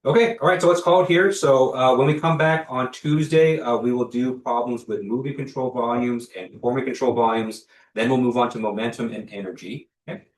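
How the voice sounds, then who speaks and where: Recorded from a distance in an echoey lecture hall, a young man of medium pitch talks fairly quickly to a university class. His style is casual and full of fillers, and he frequently stops to ask if anyone has questions.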